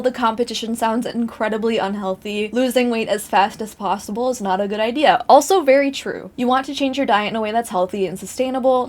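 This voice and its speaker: Brief: young Midwestern woman, chatty story reader, slightly high voice, swears and laughs. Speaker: YouTuber reading Reddit stories. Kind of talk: casual reading and commentary.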